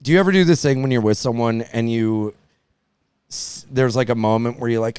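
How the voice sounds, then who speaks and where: A man's voice: mid-range voice, fairly quick, darkish tone, clear, resonant tone, no room sound. Young guy podcast host, rambly storyteller doing little voices, dry close sound. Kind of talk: casual comedic chat.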